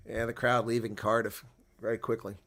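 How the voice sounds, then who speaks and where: A man giving live rugby play-by-play, shouting on big plays and chatting casually with viewers in between. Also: fairly low pitch. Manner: reads viewer chat aloud. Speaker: play-by-play commentator. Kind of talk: live sports commentary.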